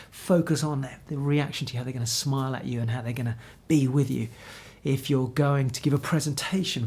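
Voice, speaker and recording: Man in his fifties, husky voice, motivational coach, energetic direct address, indoor room. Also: medium pitch. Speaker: confidence coach. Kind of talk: motivational talk to camera. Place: indoor room with pictures on the wall.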